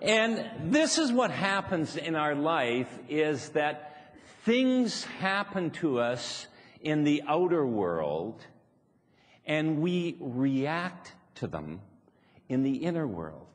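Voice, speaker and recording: Speaking slowly in a sing-song voice on the high side, a seminar speaker teases and chuckles while explaining his point to the audience. It's a live motivational talk in an echoey hall, with faint background noise.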